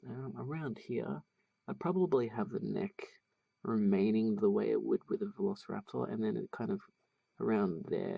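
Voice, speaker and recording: Male tutorial host, husky and mellow, talks casually and hesitantly while he draws. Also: on the low side, normal speed, lo-fi sound. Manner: thinking aloud, hesitant with many fillers. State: has the hiccups. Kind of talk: casual drawing tutorial voice-over.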